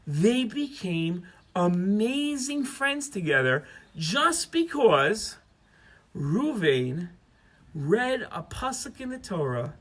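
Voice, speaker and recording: Animated, high-voiced man telling kids' stories. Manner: animated, expressive. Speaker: children's storyteller. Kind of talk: children's story narration.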